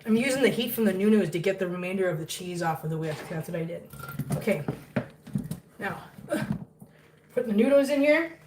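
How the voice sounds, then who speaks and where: A woman's voice: lowish voice, fairly quick, long pauses, darkish tone, far from the mic, a little hiss or hum. A woman vlogging as she cooks in her home kitchen, talking chattily to her viewers and cats and sounding a bit flustered. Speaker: cooking vlogger. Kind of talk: casual cooking chat to viewers. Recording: echoey kitchen, voice off-mic.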